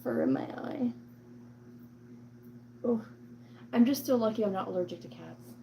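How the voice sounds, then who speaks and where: Woman, cat owner vlogger, casual chat, rambling, fillers, gravelly, mellow. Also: medium pitch, measured pace, a little hiss or hum, poor audio. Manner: chatty, rambling, full of "like" and "um"; slips into cooing baby talk to her cat.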